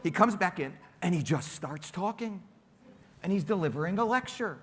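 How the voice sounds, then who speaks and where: A man telling an animated, self-mocking story on a panel and acting out the quotes. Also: high voice, normal speed, slightly rough, big-room sound.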